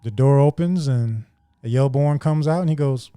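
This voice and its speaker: A man co-hosting a podcast, retelling a scene in casual chat and acting out characters in quick put-on voices. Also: a little high, warm tone, smooth, dry recording, clean studio sound. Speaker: podcast co-host.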